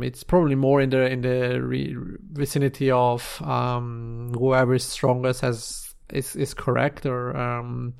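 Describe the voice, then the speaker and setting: Guy gm describing a scene slowly, lots of restarts, smooth gravelly voice. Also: medium pitch. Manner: halting, searching for words with many restarts. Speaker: game master. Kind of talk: improvised tabletop scene narration.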